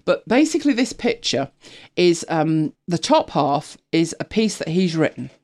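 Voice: mid-range voice, sing-song, measured pace, a little mellow. Chatty co-host, lots of ums. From United Kingdom. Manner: rambling, chatty, many fillers and restarts, laughs often. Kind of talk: casual panel chat.

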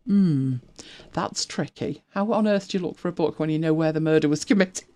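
A deep, dark voice belongs to a woman in her fifties co-hosting a podcast at a fairly quick pace. Her chat is casual and rambling, punctuated by frequent laughter and occasional whispers.

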